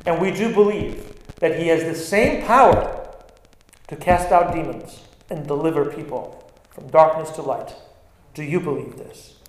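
A male pastor preaching an animated sermon, stressing lines and acting out quoted words. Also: on the high side, a little slow. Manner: animated, acts out quotes with bursts of emphasis. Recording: very echoey room.

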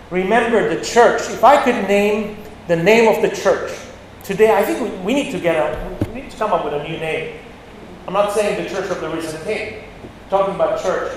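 A man preaching a sermon, blunt and forceful, with sudden loud peaks. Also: sits high. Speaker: pastor. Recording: echoey hall with long reverb, faint noise.

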